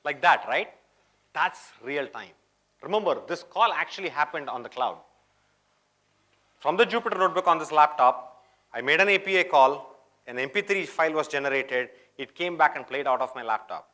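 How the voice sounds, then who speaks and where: A man with a fairly high voice walks an audience through a live coding demo at a conference. He keeps it chatty and checks in with the room as he goes. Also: lively intonation, moderate pace, sharp tone. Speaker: tech conference presenter. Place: conference hall.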